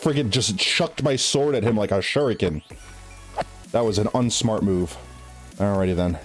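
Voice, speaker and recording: A man's voice: lowish voice, moderate pace, soft background music. A male streamer chatting casually with his viewers while gaming, rambling, restarting his sentences and breaking into giggles. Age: adult.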